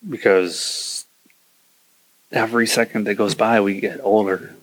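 A man's voice: fairly low pitch, steady tone, measured pace. A man hosting a podcast, ranting casually and acting out quoted voices as he gives advice. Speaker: podcast host.

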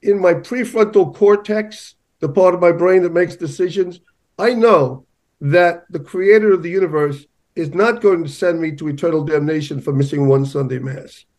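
A man speaking as an interview guest, with a voice set a little higher than most men's. He argues his points with emphasis and slips into anecdotes. His talk is conversational and direct. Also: normal speed, a little mellow. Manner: emphatic, storytelling. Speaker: journalist guest.

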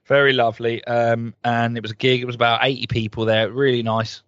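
A man's voice: medium pitch, fairly quick, clear, resonant tone, dry recording, muffled recording. Ranting man, podcast co-host. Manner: animated, ranting, sweary. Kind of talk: casual chat.

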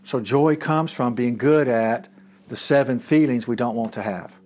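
A middle-aged man giving a conversational sermon as a pastor, talking in a halting way with restarts and asides. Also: medium pitch, a little mellow.

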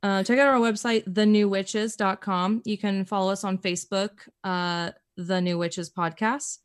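Young woman podcast co-host, casual storyteller, lively, swears casually. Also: medium pitch, normal speed, clear, resonant tone. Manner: animated storyteller, acts out quotes, swears casually. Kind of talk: casual chat.

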